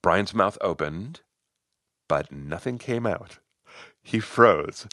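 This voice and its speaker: A male coach tells a story in an animated narrating style. His voice sits low but moves a lot in pitch, and the sound is dry and close. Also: slow pace, long pauses, no echo. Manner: expressive, animated retelling. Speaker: leadership coach.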